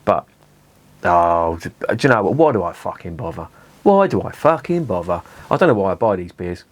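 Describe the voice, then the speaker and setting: A man's voice: sits low, animated, a little fast, no room sound. Sweary man ranting. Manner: sweary, exasperated ranting with restarts. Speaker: beer reviewer. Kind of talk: ranting review vlog.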